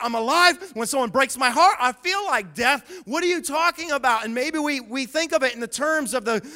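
A man preaching as pastor, playful and punchy, slowing down for emphatic repeated lines. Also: extremely high pitch, sharp tone. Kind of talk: sermon.

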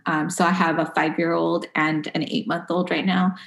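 A woman's voice: sits low, flat delivery, moderate pace, vocal fry. A woman in her thirties, a parent, chatting casually about raising her kids and slipping Spanish phrases into her talk. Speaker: parent sharing experience. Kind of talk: casual conversational storytelling. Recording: echoey room.

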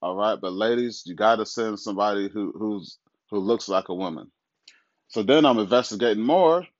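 A man's voice: lowish voice, dry recording. A middle-aged man and father giving a blunt, profane, mocking casual monologue, laughing at his own jokes. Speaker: parent of a pro athlete, talk host. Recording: dull lo-fi dry recording.

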